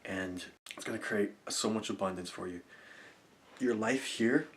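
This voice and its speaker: A man with a fairly low voice speaks to camera, guiding a visualization. His explanations come in eager, rambling stretches full of restarts, and he falls into quiet, murmured affirmations. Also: measured pace, slight background noise. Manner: drops to soft, murmured affirmations, laughing often. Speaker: self-help vlogger. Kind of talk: guided visualization demonstration to camera. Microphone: camera mic.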